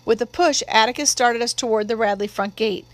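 A woman narrating an audiobook in a measured, steady storytelling voice. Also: fairly high pitch.

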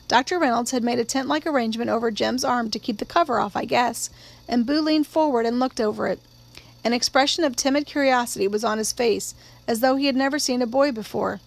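Audiobook narrator, woman, measured storytelling, fairly high pitch with vocal fry. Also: poor audio. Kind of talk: scripted narration.

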